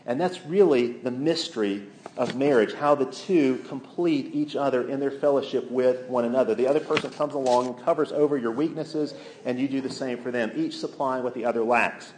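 Male preacher, earnest sermon, emphatic, slows on key phrases, mid-pitched voice, quotes scripture. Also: darkish tone, a little hiss or hum. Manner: quotes scripture and authors aloud. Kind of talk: sermon to a week-long gathering.

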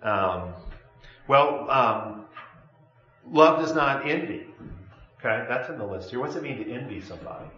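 A man's voice: medium pitch, lively intonation, a little slow, long pauses, bright, forceful tone, roomy sound, dull audio. A man teaching a Bible lesson to a class, talking conversationally and asking his students questions.

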